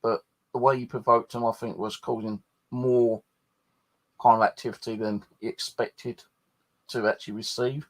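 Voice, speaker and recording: A man's voice: medium pitch, flat delivery, normal speed. A man hosting a paranormal channel, chatting casually and rambling, swearing freely as he talks. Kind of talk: casual late-night chat.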